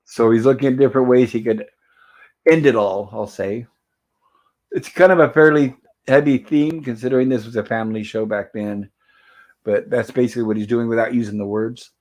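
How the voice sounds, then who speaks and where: A man's voice: mid-range voice, moderate pace, a little mellow, low-quality recording. A man hosting a livestream, casually narrating old TV scenes and reading chat messages aloud. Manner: chatty, narrates scenes and reads chat aloud with small laughs. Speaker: livestream host.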